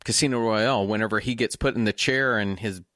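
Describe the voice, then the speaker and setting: A man's voice: lowish voice, brisk, a bit bright, slight background noise. A man co-hosting a podcast in casual chat, frank and joking, steering the conversation. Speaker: podcast co-host.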